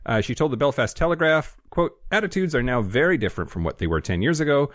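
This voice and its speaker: A man's voice: medium pitch, animated, fast, no room sound. A man co-hosting a podcast in a studio, reading news items with blunt, profane sarcasm. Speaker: podcast co-host. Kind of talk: casual chat, reading news.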